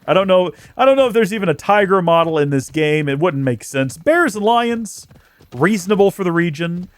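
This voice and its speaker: Lively high-voiced gamer guy. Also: fairly quick, no echo. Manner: chatty, joking, self-mocking. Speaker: let's play host. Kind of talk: gameplay commentary.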